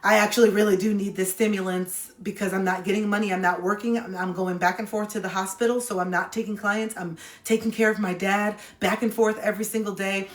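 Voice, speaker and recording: A woman's voice: mid-range voice, steady tone, fairly quick, hardly any pauses, roomy sound. A woman in her thirties chatting candidly on a phone livestream, emotional and heartfelt, rambling with restarts. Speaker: livestreamer and card reader.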